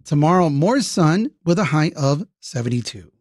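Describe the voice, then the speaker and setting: A man's voice: fairly high pitch, expressive, moderate pace, a little mellow, no room sound, clean studio sound. A man filling in as a radio host, reading the weather and station breaks in an upbeat, friendly way. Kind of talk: scripted radio announcements and weather.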